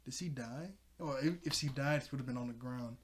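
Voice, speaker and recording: A man hosting a laid-back comic reaction, talking through the chapter panel by panel. He rambles, corrects himself often and fills gaps with ums and little laughs. His voice sits at an ordinary middle pitch for a man. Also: a little fast. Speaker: manga reaction host. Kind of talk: casual recap and review.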